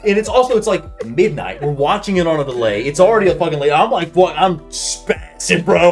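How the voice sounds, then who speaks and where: A man in his thirties, a podcast co-host, telling a story in casual chat. He swears freely and acts out his shouted reactions. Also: sits high, animated, normal speed, soft background music.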